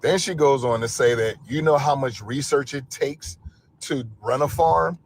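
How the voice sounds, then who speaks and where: A man's voice: medium pitch, moderate pace, slight background noise. A man giving casual, wry opinion commentary, building up to a point.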